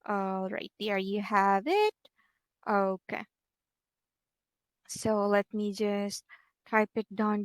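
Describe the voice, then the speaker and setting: A woman's voice: fairly high pitch, no echo. A woman with a Filipino accent teaching a one-on-one online English lesson, speaking patiently and drawing out her words with frequent okays.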